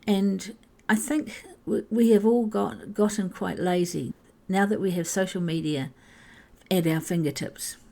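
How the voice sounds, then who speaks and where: A woman hosting her own podcast, talking candidly and haltingly about her life, with frequent restarts, becoming emotional near tears. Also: mid-range voice, vocal fry, dark tone. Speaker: podcast host. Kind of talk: personal podcast monologue.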